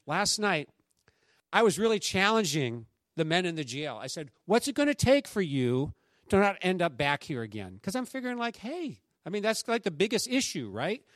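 A man preaches in a notably high voice, keeping it conversational and lively as he acts out what the people in his stories say. The sound is close and dry, with almost no room around it. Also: normal speed, no echo. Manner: animated, conversational preaching with acted-out quotes. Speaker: pastor. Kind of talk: sermon.

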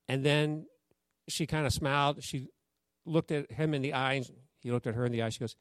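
A pastor with a medium-pitched voice and moderate pace exhorts his congregation through a story-driven sermon, drawing out lively call-and-response. The recording is dry.

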